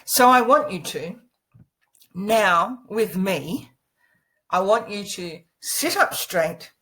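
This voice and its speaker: A woman speaks in a mid-pitched voice as she presents a course lesson, telling a personal story with lively energy. She coaches and encourages the listener directly. She is seated indoors and recorded on a laptop microphone. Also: slow, low-quality recording.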